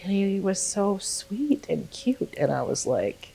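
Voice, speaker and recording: A young woman vlogger telling a personal story in a casual way, animated and swearing freely, acting out quotes. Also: mid-range voice, takes it slowly, vocal fry, slight background noise.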